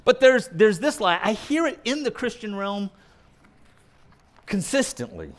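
Male preacher with a high, animated voice; punchy and argumentative, drops to quiet asides. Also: unhurried, pauses often. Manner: emphatic, argumentative, mimics opponents' objections; swings between loud punchy lines and quiet asides. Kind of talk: sermon.

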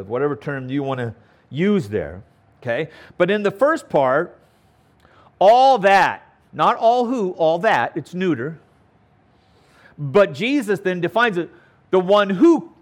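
A man teaching scripture in an emphatic, unhurried way, his pitch riding high and swooping around as he leans on key words. He repeats phrases for stress and keeps checking in with his listeners. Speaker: Bible teacher. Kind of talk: verse-by-verse Bible teaching.

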